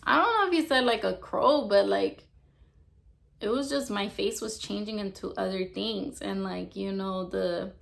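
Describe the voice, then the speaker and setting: Young woman rambling thru a personal story, says "like" constantly, lots of vocal fry, mid pitch. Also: a little slow, a bit bright. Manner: rambling, heavy use of "like" fillers. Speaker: testimony speaker. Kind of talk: casual storytelling.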